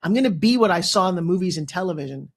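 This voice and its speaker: Woman, fifties, motivational speaker, animated storyteller, acts out quotes, guest on a talk show. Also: fairly low pitch, racing, slightly rough.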